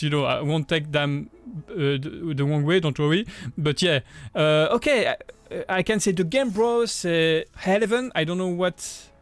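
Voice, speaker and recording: A man in his thirties with a French accent, hosting a livestream and chatting casually with viewers, friendly and upbeat, halting with many restarts and repeated words. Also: high-pitched, no echo. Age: 30s. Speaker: livestream host.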